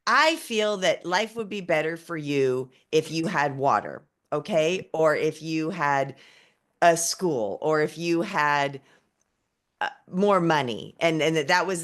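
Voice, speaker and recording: A woman hosting a spiritual conversation, talking in a slow, musing and affectionate way. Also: low-pitched, expressive, a bit bright. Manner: slow, musing and affectionate, calls people baby. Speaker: host.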